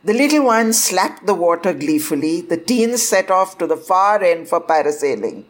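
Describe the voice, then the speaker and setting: A woman telling a first-person story in an expressive way, lifting her voice sharply for quoted cries. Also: fairly low pitch, normal speed.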